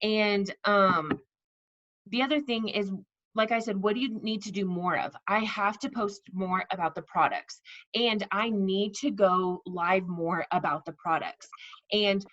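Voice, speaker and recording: A woman's voice: medium pitch, a little slow, fairly bright tone, lo-fi sound. A woman coaching her sales team in a casual, chatty way, repeating herself and acting out sample messages. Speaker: network marketing team leader.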